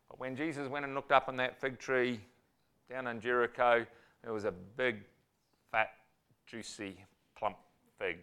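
Smooth-voiced man preaching with dramatic bursts. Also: mid-range voice. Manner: animated storytelling, acts out quotes with sudden loud bursts. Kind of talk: sermon.

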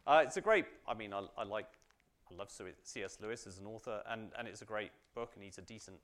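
A man with a slightly low voice teaches a small group in a relaxed, conversational way. He fills pauses with "um" and keeps asking "right?" as he explains. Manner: chatty, frequent fillers and tag questions. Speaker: Bible study teacher. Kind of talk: informal teaching talk to a group.

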